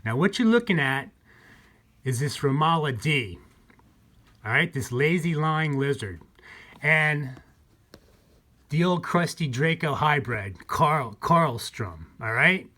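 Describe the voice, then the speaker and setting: Man, own channel host; slow, halting, repetitive monologue, pitch swinging widely. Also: lively intonation, pushed and bright. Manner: repetitive, halting, addresses viewers as folks. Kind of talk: rambling monologue to viewers.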